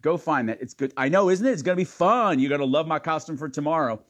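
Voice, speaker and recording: Male host, campy and teasing, high and very lively pitch. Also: fast talker. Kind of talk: casual live-stream chat.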